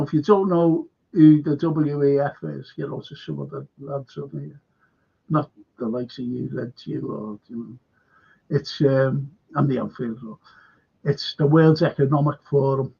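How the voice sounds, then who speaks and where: A man with a gravelly, husky voice hosts a casual livestream. He rambles and reads viewer comments aloud, often trailing off mid-thought. The audio is dull and lo-fi. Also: fairly high pitch. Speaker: livestream host. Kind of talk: casual current-affairs livestream chat.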